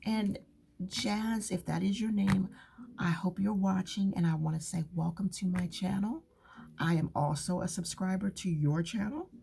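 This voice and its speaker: A woman's voice: fairly low pitch, creaky, mellow, slight background noise. A woman chatting casually while journaling, rambling and often dropping to a whisper. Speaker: craft channel host. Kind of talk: relaxed journaling chat.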